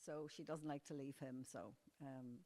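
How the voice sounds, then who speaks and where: A middle-aged woman, a singer in her family band, introducing herself in a hesitant, halting way. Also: rumbling low, steady tone, mellow.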